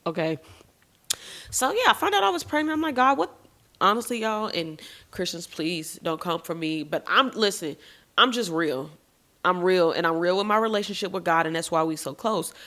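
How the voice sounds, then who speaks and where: A woman hosts her own podcast and tells a deeply personal story in a frank, expressive way. She talks straight to her listeners, drops curse words casually, and her voice sits a little lower than most women's. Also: moderate pace. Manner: swears casually. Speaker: podcast host. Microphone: podcast microphone.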